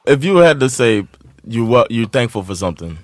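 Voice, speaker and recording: A male podcast co-host in casual chat, relaxed and easygoing. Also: mid-range voice, a little fast, heavy background noise.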